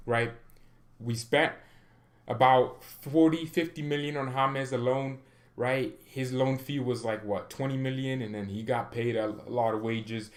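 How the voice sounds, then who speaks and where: A man hosting a fan channel, ranting in a chatty, animated way and often tagging sentences with questions. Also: mid-range voice. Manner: animated ranting with bursts of loud exclamation; chatty, frequent "right?" tag questions. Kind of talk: casual opinion vlog.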